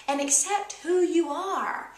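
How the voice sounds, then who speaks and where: A woman's voice: extremely high pitch, takes it slowly, reverberant. A young woman co-hosting a motivational vlog, upbeat and emphatic, leaning on repeated key words. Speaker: co-host. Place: indoor room with a kitchen counter.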